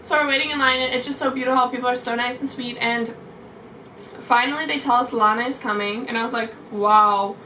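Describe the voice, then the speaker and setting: A woman's voice: a little high, fairly even intonation, fast talker, sharp tone, a little hiss or hum. A young adult woman gushing through a casual storytime vlog, rambling with many fillers. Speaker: vlogger. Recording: roomy echo from far off.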